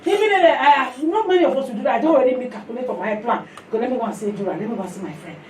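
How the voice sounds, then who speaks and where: A woman preaching, telling a testimony in animated storytelling that slips into pidgin, then leading prayer. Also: a little high, rapid-fire, a little hiss or hum. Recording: echoey hall from far off.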